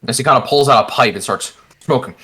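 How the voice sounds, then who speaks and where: A man's voice: medium pitch, fast talker, pushed and bright. A man narrating as game master in a tabletop game, describing scenes loosely with many fillers.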